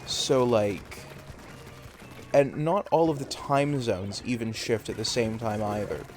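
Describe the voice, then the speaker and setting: A man's voice: mid-range voice, slow, slight background noise. A Canadian man chatting casually on a live game stream, rambling and hesitant with many fillers.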